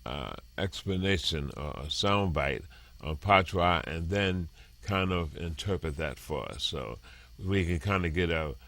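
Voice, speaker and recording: A man interviewing a guest, asking questions in a halting way. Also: low-pitched, animated, fairly bright tone. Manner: halting, searching for words. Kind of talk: interview conversation.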